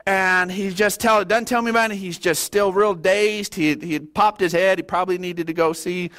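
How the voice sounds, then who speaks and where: High-voiced pastor telling a story. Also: male voice, moderate pace. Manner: folksy, animated storyteller with stammered restarts. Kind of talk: sermon with storytelling.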